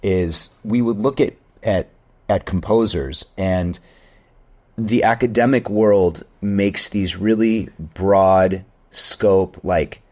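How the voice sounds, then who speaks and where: Low-voiced male composer, thoughtful and rambling, casual interview talk. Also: slow, darkish tone. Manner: reflective, meandering with many restarts. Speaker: video game composer. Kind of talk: conversational interview.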